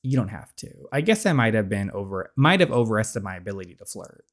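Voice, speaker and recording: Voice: medium pitch, big pitch swings, fast talker. A reader voicing an uneasy, guilty husband who speaks hesitantly and apologetically.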